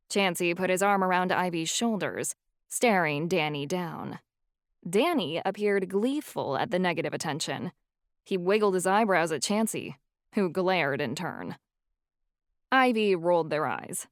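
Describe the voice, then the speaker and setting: A woman narrating a first-person audiobook in an even, wry storytelling way. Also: lowish voice, measured pace, no room sound, studio quality.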